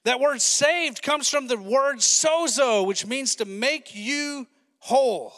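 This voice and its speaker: A male pastor preaching a sermon with excited, fast-talking energy and asides to the congregation. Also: very high-pitched, big-room sound.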